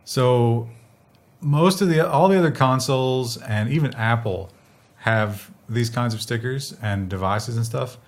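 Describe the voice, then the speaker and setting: A man's voice: mid-range voice, a little slow. A man co-hosting a casual tech news show, chatty and fond of acting out what people said. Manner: chatty, acts out quotes in lively bits.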